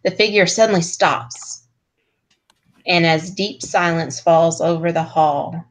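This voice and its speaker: Unhurried woman narrating as game master. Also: lowish voice, poor audio. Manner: descriptive, unhurried narration with laughter.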